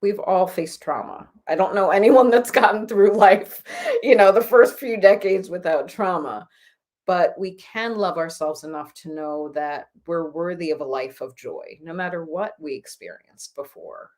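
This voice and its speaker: A woman healer speaks in an interview with a slightly low voice. She sounds earnest and encouraging, and she is reflective as she talks about moving past hard times. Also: measured pace, a little mellow. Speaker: spiritual healer guest. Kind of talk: conversational interview.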